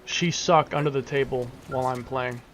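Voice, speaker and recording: A man's voice: mid-range voice, steady tone, normal speed, a bit bright, a little hiss or hum. Joking, foul-mouthed young gaming streamer man. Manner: joking, swearing, teasing back at chat. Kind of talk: casual profane gameplay commentary.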